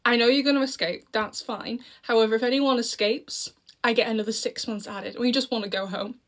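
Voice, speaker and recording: A woman's voice: fairly high pitch, steady tone, a little fast, fairly bright tone, lightly acted. A woman voicing a weary male prison governor asking politely to go home, in her own everyday voice. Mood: pleading. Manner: pleading, reasonable tone.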